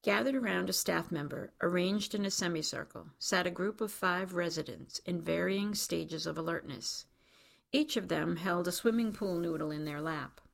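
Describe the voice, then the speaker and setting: A woman reads an audiobook in a low voice with a gravelly, fry-edged texture. Her telling is wry and dry. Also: normal speed. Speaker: narrator. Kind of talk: audiobook narration.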